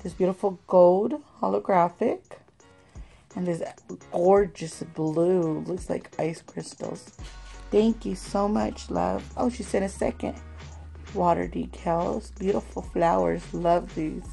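A woman hosting a craft swap unboxing vlog at home, talking slowly and gently and calling viewers "love" again and again. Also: fairly low pitch, creaky, faint music behind, poor audio. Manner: slow, gentle, calls viewers "love" often.

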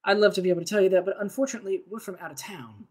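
A woman voicing an evasive female stranger who speaks low, hushed and apologetic in a tabletop game. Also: steady tone, rapid-fire, close to an everyday voice.

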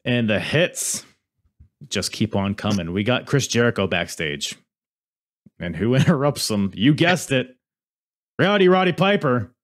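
A man's voice: mid-range voice, lively intonation, a little slow, pauses often. A man co-hosting a podcast, recapping events with dry jokes in a casual chat. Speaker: podcast co-host.

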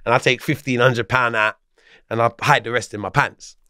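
A man from London, a podcast guest, telling a story in an animated, slangy way with plenty of swearing. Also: mid-range voice, moderate pace, dry recording, clean studio sound. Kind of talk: casual storytelling.

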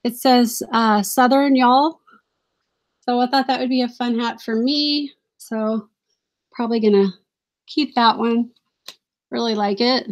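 A slightly high-voiced woman chats casually through a live stream, showing her finds and reading viewer comments aloud. She laughs often and keeps apologizing and thanking her viewers in a friendly, rambling way. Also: fairly even intonation, measured pace, long pauses. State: briefly out of breath. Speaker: reseller vlogger hosting a live stream.

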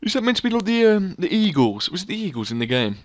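A young gaming channel host runs a casual let's play, joking around, excitable, and saying "literally" a lot. He has a high voice and talks fast. The recording is dry.

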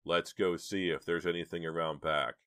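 A man's voice: sits low, steady tone, normal speed, a bit bright, clear, resonant tone. A narrator voicing a brave teenage boy. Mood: tense.

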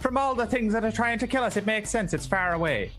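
A man's voice: high voice, expressive, fast, fairly bright tone, soft background music. A man chatting as a player in a tabletop game, rambling, swearing casually and laughing often. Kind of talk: casual actual-play chat.

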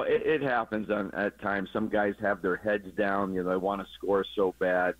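Deep-voiced man breaking down baseball plays. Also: steady tone, moderate pace, hardly any pauses, no echo. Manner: explanatory, chuckling at his own jokes. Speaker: former third base coach, radio guest analyst. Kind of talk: casual sports radio chat. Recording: dull lo-fi broadcast audio.

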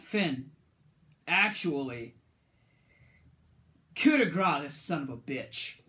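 Slow-talking guy yelling play-by-play commentary. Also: fairly high pitch, lively intonation, faint music behind. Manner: bursts into shouted calls and exclamations; mimics a ring announcer. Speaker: action figure wrestling commentator and ring announcer.

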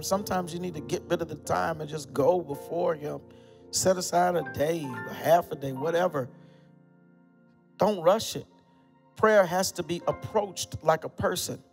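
High gravelly preaching man. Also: a little slow, big-room sound, soft background music. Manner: emphatic preaching with repetition and sudden drops to quiet. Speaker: pastor. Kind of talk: sermon.

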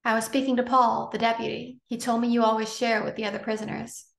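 A woman's voice: a little high, level tone, fast, gravelly. A woman voicing an earnest, pleading male teacher. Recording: roomy echo.

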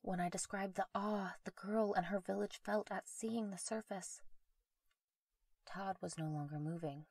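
A woman narrating a horror story in a measured, quiet, intimate way on a close mic. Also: mid-range voice, steady tone, no echo.

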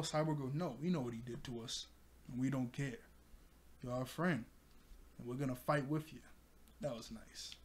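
A man casually recapping a cartoon episode for his channel, excitable, laughing often and breaking into loud exclamations. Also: a little high.

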